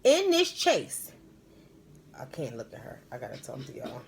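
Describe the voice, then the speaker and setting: A woman's voice: rumbling low, wildly swooping pitch, moderate pace, creaky, a little hiss or hum. A woman hosting a live stream as a spiritual medium, telling stories and giving advice in a rambling, emphatic, slangy way.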